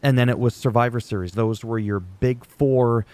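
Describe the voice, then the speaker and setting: A man's voice: mid-range voice, moderate pace, a little mellow, no room sound. A middle-aged man hosting a casual wrestling recap, rambling and chatty, joking at his own expense. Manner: rambling, chatty, laughs at himself.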